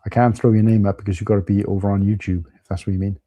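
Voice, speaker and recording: A man's voice: fairly low pitch, level tone, rapid-fire, mellow, dry recording. A man with a Welsh accent hosting a casual live stream, chatting loosely and greeting viewers by name. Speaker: livestream host. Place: at home.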